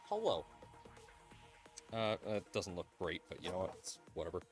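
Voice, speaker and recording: A man's voice: low voice, very animated, moderate pace. A tired man hosting a livestream, joking casually and swearing freely, with faint music behind him. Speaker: livestream host. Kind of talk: casual chat.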